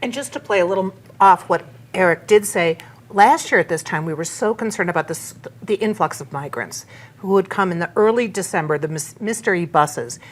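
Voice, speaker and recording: A woman's voice: on the low side, lively intonation, fairly quick. Earnest woman journalist on a panel. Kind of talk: panel discussion.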